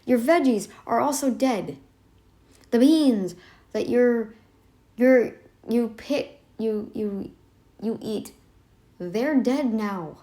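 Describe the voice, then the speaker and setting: A woman's voice: a little high, slow pace, long pauses, mellow. Emphatic woman ranting in commentary. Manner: emphatic, ranting with rhetorical questions; sarcastic, addresses listeners directly. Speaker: reaction channel host. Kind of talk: casual commentary.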